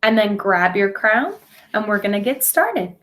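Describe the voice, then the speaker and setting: A woman's voice: medium pitch, sing-song, unhurried, a bit bright. A woman teaching a phonics lesson to young children, speaking patiently and over-enunciating sounds.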